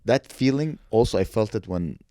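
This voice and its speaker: Low-voiced joking podcast host. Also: male voice, animated, normal speed, dark tone, no room sound, clean studio sound. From Canada. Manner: rambling, joking, irreverent. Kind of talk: casual comedy podcast chat.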